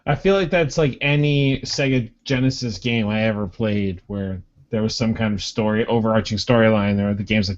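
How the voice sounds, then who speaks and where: A man's voice: on the low side, normal speed, few pauses, dull audio. A man co-hosting a podcast in casual chat. He talks in an easygoing, rambling way. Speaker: podcast co-host.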